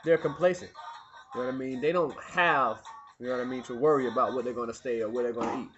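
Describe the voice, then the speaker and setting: A young adult man in a rambling, profane monologue, swinging from low muttering to loud preachy outbursts. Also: fairly even intonation, fast, lo-fi sound. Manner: profane, peppered with "man" and "you know what I mean". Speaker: vlogger. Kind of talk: rambling personal monologue to camera. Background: music playing.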